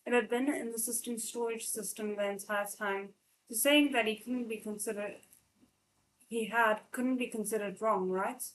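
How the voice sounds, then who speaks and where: A woman's voice: fairly high pitch, fairly even intonation, normal speed, poor audio. A woman hosting a live read-along of a novel, narrating steadily with frequent small slips and restarts. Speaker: channel host and reader.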